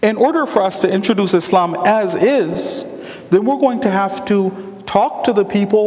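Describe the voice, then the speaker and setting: A man preaching a sermon to brothers and sisters, telling a story with animated quoted voices. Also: high voice, moderate pace, in a large hall.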